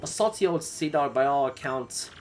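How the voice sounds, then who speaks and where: Man doing a gruff old sailor creature. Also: mid-range voice, lively intonation, normal speed, a little hiss or hum, natural voice. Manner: rough, folksy sailor talk. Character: gruff male bomb-creature sailor, loyal deckhand.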